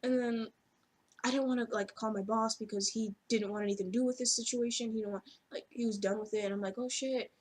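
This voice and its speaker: Husky-voiced woman rambling through a story. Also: fairly high pitch, fairly even intonation, fast talker, darkish tone. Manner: rambling, frequent "like" fillers and casual swearing. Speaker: vlogger telling a story. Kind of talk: casual storytime monologue.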